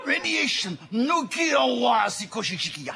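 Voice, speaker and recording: A man playing a Japanese nuclear plant official in a sketch, speaking mock-Japanese gibberish in shouted bursts. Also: very high voice, sing-song, measured pace, vocal fry, slight background noise, exaggerated voice. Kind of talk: sketch comedy.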